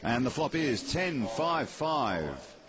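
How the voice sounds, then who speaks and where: A man calling play-by-play on a poker broadcast, crisply announcing cards and bets. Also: mid-range voice, big pitch swings, takes it slowly, crowd noise. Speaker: play-by-play host.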